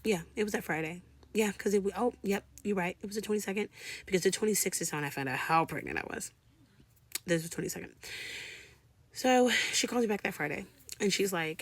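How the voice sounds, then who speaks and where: A woman in her thirties telling a casual storytime vlog, animated and slangy, acting out both sides of each conversation. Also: mid-range voice, a little fast, breathy edge, dry recording. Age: 30s. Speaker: vlogger.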